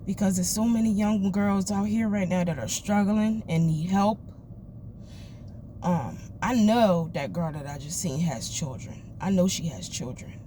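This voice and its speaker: A woman's voice: lowish voice, measured pace, dark tone, a little hiss or hum. Emotional woman venting in her car. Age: adult mother of children. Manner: candid, emotional, swears freely. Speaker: vlogger. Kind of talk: emotional personal vlog. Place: parked car.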